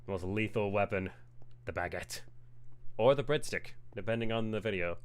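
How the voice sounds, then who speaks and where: A man chatting casually while streaming a game, animated and acting out his own thoughts in little quoted voices. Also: fairly low pitch, normal speed, clear, resonant tone. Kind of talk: casual chat while gaming.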